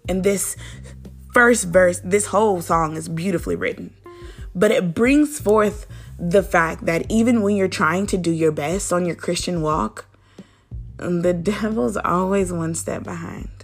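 A woman's voice: lowish voice, a little slow, faint music behind. A woman hosting a daily devotional, teaching in an earnest, conversational way and speaking straight to the listener. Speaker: devotional host.

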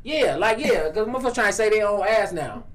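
A man with a Chicago accent in casual chat, telling stories in a profane, animated way with lots of restarts. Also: sits high, fast talker.

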